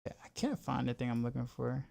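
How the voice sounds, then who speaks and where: A very animated man streams a game, talking quickly in a mid-range voice that's gravelly but a little mellow. It's casual, rambling chat stuffed with "like" fillers and repeats.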